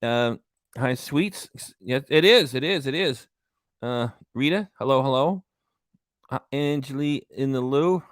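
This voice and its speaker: A man's voice: medium pitch, measured pace, no room sound, clean studio sound. Rambling man hosting a livestream. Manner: rambling, many uhs and restarts, reading out commenters. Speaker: livestream host. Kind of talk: casual livestream commentary.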